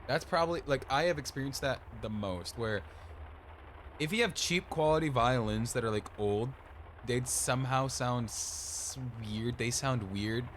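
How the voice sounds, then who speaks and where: A man's voice: mid-range voice, measured pace, fairly bright tone, slight background noise. A man casually commenting on a game he streams, rambling and swearing.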